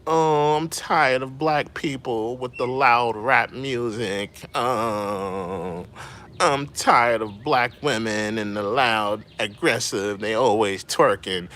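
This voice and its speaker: A man's voice: mid-range voice, slow pace, sharp tone. A man putting on the voice of a whiny, petty complainer, drawing out each gripe in a mocking tone.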